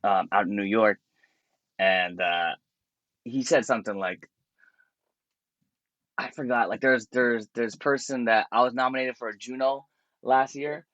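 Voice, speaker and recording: A man's voice: mid-range voice, unhurried, pauses often, a bit bright, no room sound, highs cut off. A man who is a comedian, telling stories in a laid-back, slangy way and laughing often in a casual podcast chat. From Canada. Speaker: comedian guest.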